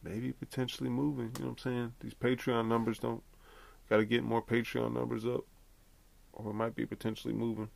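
Low gravelly dude rambling and cussing through his podcast, real dry close sound. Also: level tone, brisk, darkish tone, no echo. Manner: loose, rambling and profane, laughing at his own stories. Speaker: podcast host. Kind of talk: casual solo podcast chat.

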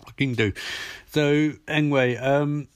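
A man's voice: on the high side, steady tone, measured pace, no room sound, clean studio sound. A man recapping a TV episode on his podcast in a casual, rambling way, swearing often and losing his place. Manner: rambling, profane, loses track. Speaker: podcast host.

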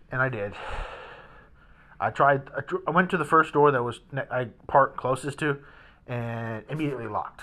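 A man's voice: mid-range voice, pushed and bright. A young man casually rambling through a story in a hotel room, full of restarts and fillers. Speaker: vlogger.

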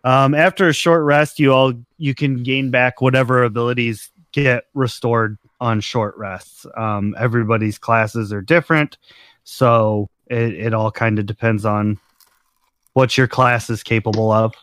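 Slow, relaxed man running a tabletop game. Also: mid-range voice, clear, resonant tone, no echo. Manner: relaxed, laughs often, many ums. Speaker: game master.

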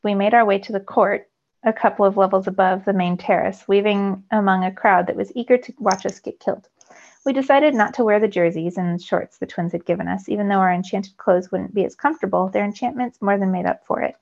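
Teacher lady reading a novel aloud for her class, some vocal fry, kinda muffled. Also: mid-range voice, a little fast. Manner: steady first-person storytelling. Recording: slightly dull lo-fi recording.

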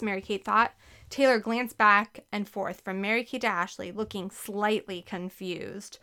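A woman narrating a children's book with a lively, expressive reading. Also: mid-range voice, moderate pace. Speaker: audiobook narrator. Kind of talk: scripted narration.

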